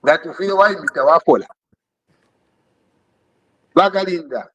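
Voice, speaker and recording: A man's voice: on the high side, unhurried, sharp tone, husky, muffled recording. A Zambian man co-hosting a podcast, teasing and insistently pressing a co-host, mixing English with local words. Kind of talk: casual teasing chat.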